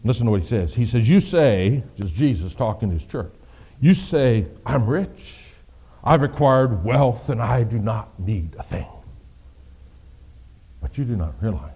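A middle-aged man preaching a sermon as pastor, swinging from quiet, low passages to loud, emphatic ones. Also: lively intonation, unhurried, slightly rough.

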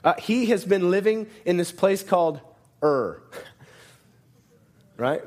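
A man's voice: high voice, expressive, takes it slowly, darkish tone. A man preaching a sermon in a conversational way, often asking "right?" and restarting his sentences. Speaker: pastor.

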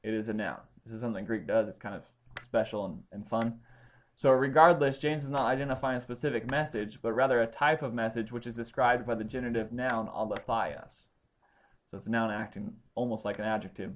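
A man's voice: mid-range voice, slight background noise. Guy leading bible study, explains step by step, checks if ppl follow. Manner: explanatory, checks understanding with questions. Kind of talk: classroom teaching.

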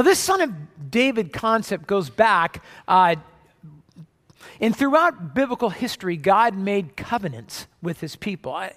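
A man's voice: sits high, a bit bright. A man preaching a sermon as pastor, in a conversational way with frequent restarts, recorded in a church sanctuary. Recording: long hall reverb.

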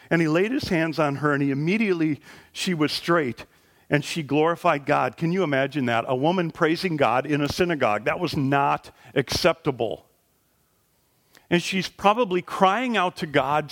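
Man, pastor, sermon in a church; fairly high voice, animated, climbs at high points. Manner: animated preaching, rising pitch and volume at high points. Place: church sanctuary.

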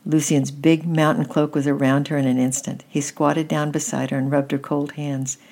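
A woman gently reading a children's story aloud at an unhurried pace. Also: low-pitched, little pitch movement.

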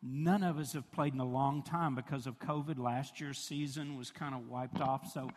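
A middle-aged pastor with a medium-pitched, steady voice preaches at normal speed, telling personal stories in a chatty way and laughing along. The sermon is recorded with long hall reverb.

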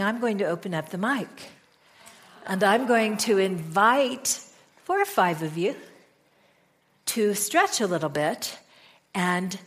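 A woman leads a group in an upbeat way, coaxing people to come up and tell jokes. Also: medium pitch. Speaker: group leader. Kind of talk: hosting an open-mic joke session.

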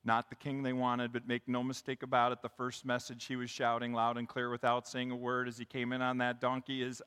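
A male pastor preaching a sermon, building to loud, emphatic calls and leading his congregation in call and response. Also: medium pitch, completely flat delivery, brisk, hardly any pauses, clear, resonant tone, in a large hall. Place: church sanctuary.

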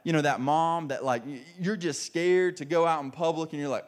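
A man preaching in a casual, animated, conversational way with touches of humor. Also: fairly high pitch, a little fast, hardly any pauses. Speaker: pastor. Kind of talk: sermon.

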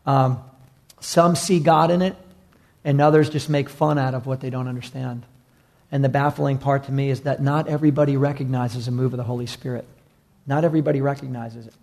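A male pastor delivering a sermon with a somewhat high voice and a gravelly edge. He is animated, slipping into quick impressions of bewildered onlookers while keeping a preacher's drive.

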